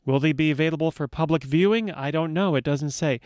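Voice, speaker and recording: A man's voice: on the high side, fairly quick, darkish tone, no room sound, clean studio sound. A man hosting a radio show, chatting casually with wry asides between news items and songs.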